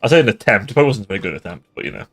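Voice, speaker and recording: Tipsy male game streamer, sweary, animated in pitch, casual chat. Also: racing, husky. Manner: swears a lot and laughs often. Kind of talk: casual gaming livestream commentary.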